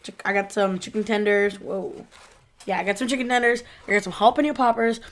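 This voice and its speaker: A woman's voice: mid-range voice, fairly even intonation, a little fast. A young woman co-hosting a podcast, playful and giggly in loose casual chat. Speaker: podcast co-host.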